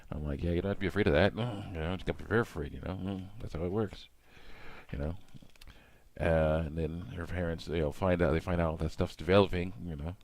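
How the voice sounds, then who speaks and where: A man's voice: sits low, steady tone, quick pace, a little mellow. A man talking casually while working with his hands, rambling and padding his talk with hums of "mm" and "you know", often acting out his own remarks.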